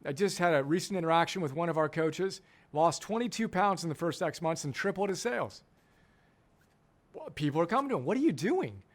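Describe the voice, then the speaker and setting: A man's voice: a little high, brisk. A middle-aged man, a coach and program founder, giving an emphatic teaching talk and repeating key phrases for effect.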